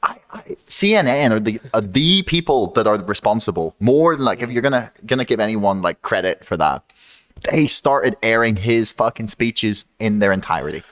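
Brief: low-voiced man, animated and opinionated, swearing casually in chat. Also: moderate pace. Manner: swears freely, rambling and opinionated.

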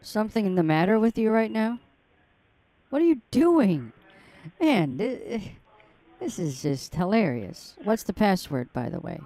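A woman's voice: mid-range voice, very animated, unhurried, mellow. An older woman baiting a scammer on a prank phone call, mocking and taunting him crudely. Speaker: scam baiter on a call.

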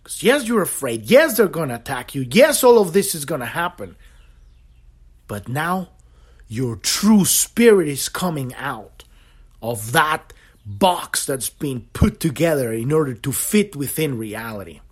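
Impassioned male podcast host, lively pitch. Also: measured pace, breathy edge. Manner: impassioned, repetitive, swears freely. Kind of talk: solo spiritual podcast talk.

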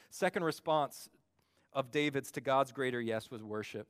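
A man preaching a sermon to his church, acting out the voices he quotes with big swings in pitch and loudness. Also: normal speed. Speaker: pastor.

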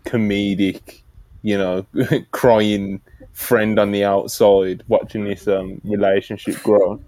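A man's voice: fairly low pitch, flat delivery, takes it slowly, warm tone, dry recording. A man hosting a podcast, casually recapping wrestling in a rambling way, with laughs and restarts. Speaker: podcast host. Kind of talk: casual wrestling review chat.

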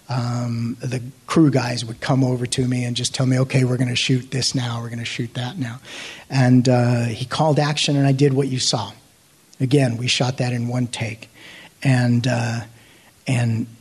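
Husky, halting man sinking to whispers. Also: mid-range voice. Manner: hesitant, halting with many restarts, sinking to hushed near-whispers. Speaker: actor sharing a testimony. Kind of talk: emotional personal storytelling.

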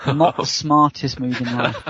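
A man tells a long personal story in a relaxed interview, laughing often and acting out the voices of the people in it. His voice is gravelly and a little husky. The sound is dry and muffled. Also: mid-range voice, measured pace, no room sound. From United Kingdom. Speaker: co-host answering interview questions.

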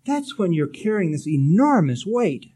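Guy preaching gently, warm mellow voice pitched a bit high, some jokes mixed in. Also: sing-song, unhurried. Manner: gentle, exhorting, with light humor. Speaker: spiritual teacher. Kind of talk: sermon.

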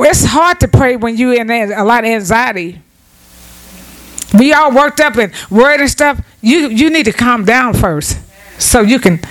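A woman's voice: fairly high pitch, low-quality recording. Woman preaching, lots of amens and restarts, loose everyday talk. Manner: preaching with repeated "Amen" and calls to the congregation; informal vernacular speech with frequent restarts. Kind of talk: sermon.

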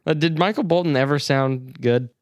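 A man's voice: a little high, normal speed, no echo. A man co-hosting a podcast, chatting casually about a movie with crude jokes and frequent laughter. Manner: crude, joking, laughs often. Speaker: podcast co-host. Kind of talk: casual movie review chat.

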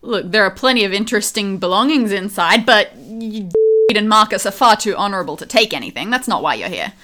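A woman running a tabletop puzzle game as game master, reading out clues in a measured way. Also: medium pitch, lively intonation, bright, forceful tone. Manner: measured, reads clues out slowly.

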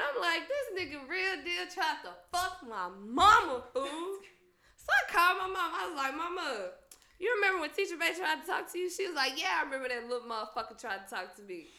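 A woman's voice: sits high, sharp tone, echoey room. A young woman telling a profane personal story in a casual, laughing way, acting out the lines of the people in it.

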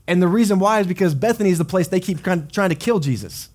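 A man preaching a sermon as pastor, telling the story in a conversational, animated way and voicing dramatic quotes. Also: high-pitched, very fast, few pauses. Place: church service.

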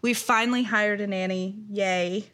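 A woman's voice: mid-range voice, fairly even intonation, normal speed, a bit bright. A woman in her thirties co-hosting a podcast in casual chat, talking freely with lots of "like" and frequent laughter. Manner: chatty, laughs often, filler-heavy "like". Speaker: podcast co-host.

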